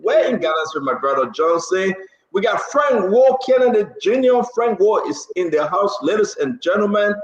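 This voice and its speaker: Man hosting, high lively voice. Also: normal speed, reverberant, highs cut off. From Liberia. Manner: teasing, lively shout-outs. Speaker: show host. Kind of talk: live show, greeting viewers.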